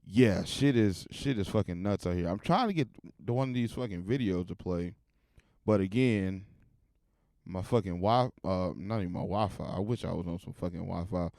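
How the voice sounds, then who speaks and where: A man hosts his podcast in a studio-quality recording with no echo, rambling casually and swearing a lot while he talks to himself and loads clips. His low voice has vocal fry and a darkish tone at a moderate pace.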